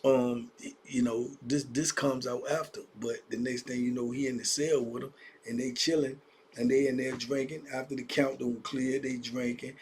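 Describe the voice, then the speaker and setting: A man's voice: medium pitch, flat delivery, normal speed, a little mellow, a little hiss or hum. A man telling prison stories in a casual, conversational way, speaking directly to young listeners. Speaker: storyteller. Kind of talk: casual storytelling vlog.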